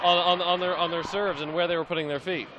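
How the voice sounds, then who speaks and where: A man's voice: high-pitched, little pitch movement, fast talker, over a noisy crowd, heavy background noise. Chatty American man on commentary. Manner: hesitant, restarts and fillers, chatty analysis. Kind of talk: live sports commentary.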